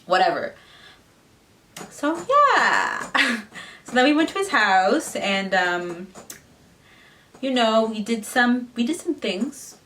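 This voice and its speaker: A woman's voice: a little high, sing-song, slow, pauses often, fairly bright tone, recorded from a distance, slight background noise. A young woman in her twenties, chatting casually to camera as a vlogger, swearing freely and slipping into the voices of the people in her story. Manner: chatty, swearing, mimics others in quotes.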